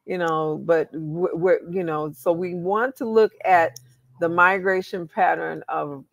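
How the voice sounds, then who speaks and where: A woman's voice: lowish voice, steady tone, unhurried, creaky, no echo. A woman with a Southern US accent, chatting casually about family research and thinking aloud as she looks things up. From California. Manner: talks through research on screen, thinking aloud. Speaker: genealogy host. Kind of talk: casual genealogy chat.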